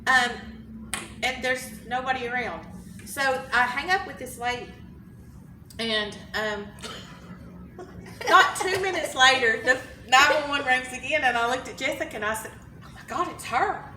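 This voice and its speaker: A woman with a fairly high voice tells a lively story, slipping into the voices of the people in it and laughing often. She sits back from the mic in an echoey conference hallway, with steady noise behind her. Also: measured pace, pauses often. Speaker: emergency dispatcher. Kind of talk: storytelling in a casual interview. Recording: roomy, distant, with background noise.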